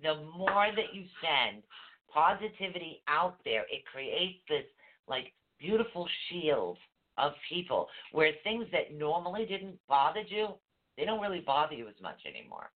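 A man's voice: on the high side, normal speed. Emphatic man teaching over a phone line. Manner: animated, emphatic, repeats key phrases. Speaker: meditation teacher. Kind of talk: casual teaching chat.

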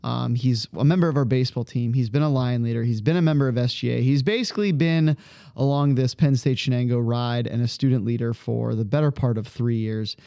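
A man hosts a campus podcast in a mellow, warm tone at an ordinary pitch. He jokes loosely and stumbles through restarts as he introduces his guest. The sound is dry and close. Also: creaky, smooth, no room sound. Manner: joking, halting with restarts when introducing. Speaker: podcast host. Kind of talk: casual podcast hosting.

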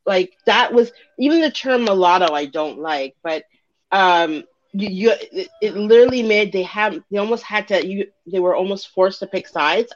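Halting mother, dull lo-fi sound. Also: medium pitch. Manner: halting, restarting, filler-heavy. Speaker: parent in a discussion. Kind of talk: casual discussion.

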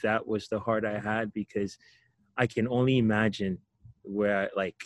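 A man's voice: lowish voice, fairly even intonation, unhurried, dry recording. A young man from Ghana, a guest telling his own story in a casual interview, reflective and often laughing as he talks.

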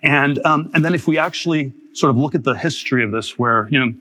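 Halting man giving a lecture. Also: mid-range voice, a bit bright. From Germany. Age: 50s. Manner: halting, with frequent restarts and repeated words. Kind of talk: public lecture. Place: lecture hall.

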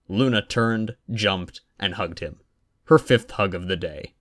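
A man narrating a fan fiction audiobook in a wry, even storytelling manner. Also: low voice, unhurried.

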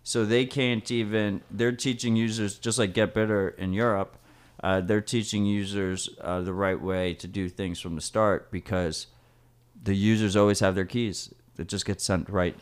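Deep-voiced chatty podcast co-host man. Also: fairly even intonation, normal speed, clear, resonant tone. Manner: chatty, explains with "like" and "right?". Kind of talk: casual chat.

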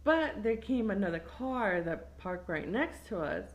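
A young woman, telling a crude story in casual chat, animated and laughing often. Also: mid-range voice, measured pace. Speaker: storyteller guest.

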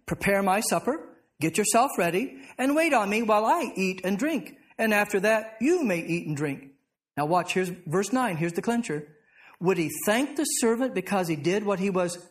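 High-voiced pastor teaching a Bible class. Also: male voice. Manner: asks the class questions and answers them himself.

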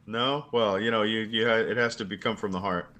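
A man chatting casually on a video call, jokey and rambling, quick to laugh. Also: lowish voice, fairly even intonation, bright, forceful tone. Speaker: podcast guest.

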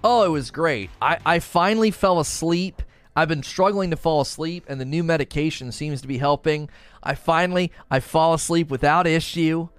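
A man's voice: a little high, moderate pace, clear, resonant tone, no room sound. A man chatting casually on a livestream, reading chat messages aloud and telling rambling stories. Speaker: streamer.

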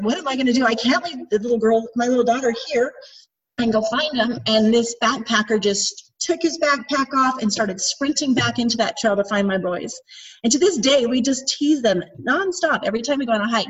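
A breathy woman in her forties with a slightly high voice tells rambling personal stories, self-deprecating and chatty. She sounds set back from the mic on a dull, lo-fi recording. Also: distant mic. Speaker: mother sharing with a group. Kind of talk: casual personal storytelling.

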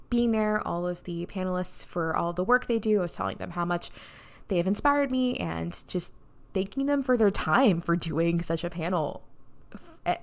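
A woman talking casually on her own podcast in a mid-range voice. She tells her story excitedly and a little breathlessly, with frequent "like"s. Her delivery stays heartfelt and emotional throughout. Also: mid-range voice. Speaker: podcast host and neuroscientist. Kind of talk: casual solo podcast recap.

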